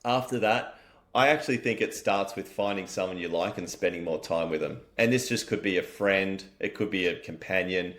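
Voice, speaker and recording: An Australian man who founded a wellness company speaks as an interview guest in a lively, matey style, swearing casually. He has a low pitch and talks at a normal speed.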